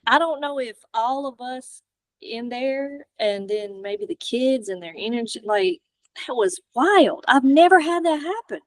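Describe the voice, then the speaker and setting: A woman guest chatting casually about a paranormal investigation, excitable, laughing often and trailing off mid-sentence. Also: high voice, unhurried, no echo. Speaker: guest, fellow paranormal channel creator. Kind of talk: casual chat.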